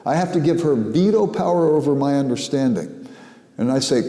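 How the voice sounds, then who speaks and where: Older man, academic lecture, measured and reflective, mellow tone, roomy echo. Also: mid-range voice, lively intonation. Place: lecture hall. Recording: echoey hall.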